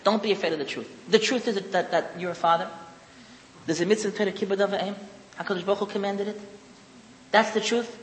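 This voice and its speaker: A man's voice: high-pitched, fairly even intonation, fast, long reverb tail, rough recording. A man giving a religious lecture to an audience, emphatic and repetitive, mixing in Hebrew and Yiddish terms. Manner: emphatic, repeats key phrases, mixes in Hebrew and Yiddish terms.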